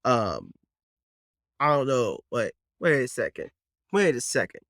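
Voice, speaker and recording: A bearded little gnome druid holds forth in a folksy drawl, gruff and set in his ways, as a man puts him on for a tabletop game. His voice sits at a middling pitch and sounds dry and close. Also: big pitch swings, unhurried, fairly bright tone, no room sound. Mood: suspicious. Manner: folksy drawl, grumbling about mages. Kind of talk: tabletop role-play.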